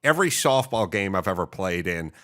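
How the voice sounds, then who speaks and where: A man's voice: sits low, big pitch swings, brisk, fairly bright tone. A man hosting an unscripted interview, talking in a wry, anecdotal storytelling way. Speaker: podcast host, interviewer.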